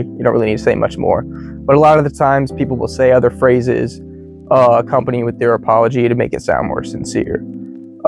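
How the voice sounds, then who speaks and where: An American man teaching English in a relaxed, slangy way, full of "you know" and "like". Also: mid-range voice, fairly quick, gravelly. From United States. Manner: laid-back, slangy, many fillers like "you know" and "like". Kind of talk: casual explanatory lesson. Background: faint guitar music.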